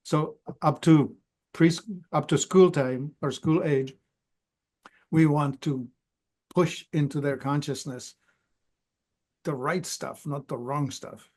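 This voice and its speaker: A man hosting a podcast, asking curious questions and explaining points slowly and carefully. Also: a little high, fairly even intonation, darkish tone. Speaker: podcast host. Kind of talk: casual interview chat.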